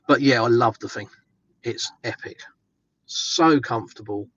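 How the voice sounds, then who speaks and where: An English man live-streams from inside his car while driving, chatting casually and upbeat with viewers and answering their questions with plenty of ums. His mid-range voice is a little slow, fairly bright, and breathy at the edges, with the highs cut off.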